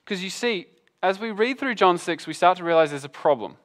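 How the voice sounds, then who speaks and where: High-voiced animated male preacher. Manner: animated, acts out both sides of the passage in quick voices. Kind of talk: sermon. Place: church hall with an audience.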